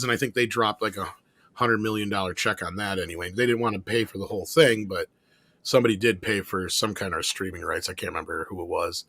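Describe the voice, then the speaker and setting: A low-voiced man chatting on a live-stream panel, recorded with a dry, close sound. He rambles casually, hedging and circling back through his points with lots of filler. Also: fairly bright tone, no room sound.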